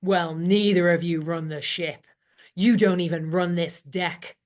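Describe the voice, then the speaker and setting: A woman's voice: lowish voice, steady tone, a little slow, a little mellow, natural voice. A woman playing a strict, smug female deck sergeant in an audio comedy, commanding and officious. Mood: bossy.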